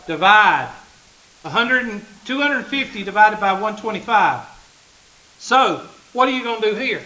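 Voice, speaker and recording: A man's voice: high-pitched, animated, moderate pace, pushed and bright, low-quality recording. A man, a math teacher talking casually and joking with his class in a classroom. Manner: joking, folksy, talks straight to the class.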